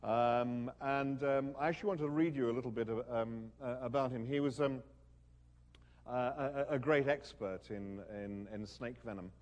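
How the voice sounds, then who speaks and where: A man's voice: mid-range voice, normal speed, darkish tone, lo-fi sound. A man giving a talk at a university event and reading aloud, wry and hesitant, with many ums and restarts. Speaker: guest speaker.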